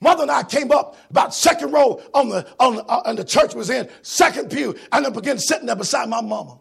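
High raspy preacher guy, gravelly, shouting in a singsong way at church. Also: animated, fairly quick. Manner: shouting, sing-song preaching cadence. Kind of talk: sermon.

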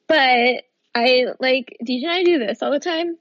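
A woman's voice: high-pitched, measured pace, a bit bright, dry recording, lo-fi sound. A woman co-hosting a podcast in casual chat, rambling with many "like" fillers and frequent laughs. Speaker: podcast co-host.

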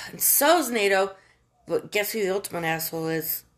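A woman's voice: mid-range voice, animated, normal speed. Woman ranting, profane and exasperated. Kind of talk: casual political rant.

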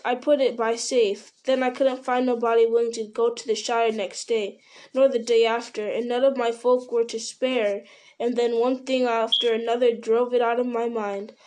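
A woman's voice: a little high, a little mellow, natural voice. A woman voicing a fussy, rambling middle-aged male innkeeper with a folksy, apologetic way of talking.

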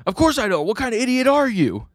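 Brief: a shrill, mocking, boastful young woman, put on by a man reading a comic aloud. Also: big pitch swings, fast talker, dry recording, studio quality. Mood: snappy.

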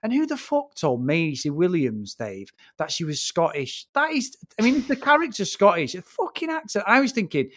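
A man's voice: high voice, huge pitch swings, moderate pace, hardly any pauses, a bit bright. A man co-hosting a film review podcast, ranting bluntly and swearing freely in casual chat.

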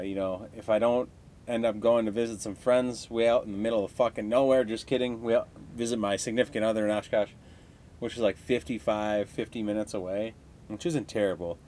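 A man's voice: lowish voice, a little mellow, a little hiss or hum. A young man hosting a casual solo podcast, ranting heatedly with constant swearing. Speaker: podcast host.

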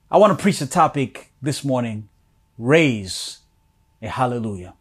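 Slow, deliberate preaching man. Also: mid-range voice, sing-song, husky. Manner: reads scripture with rising emphasis, calls to the congregation. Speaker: pastor. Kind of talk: sermon.

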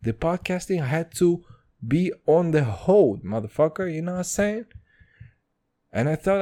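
A man's voice: on the high side, animated, unhurried, warm tone. A man in his twenties hosting a podcast alone, talking in a profane, rambling, slang-heavy casual monologue. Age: 20s. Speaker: podcast host.

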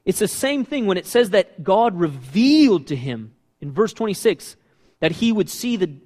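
A man preaching a sermon as pastor, animated and asking his listeners questions. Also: high voice, moderate pace. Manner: animated, asks the congregation questions. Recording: long reverb of a hall.

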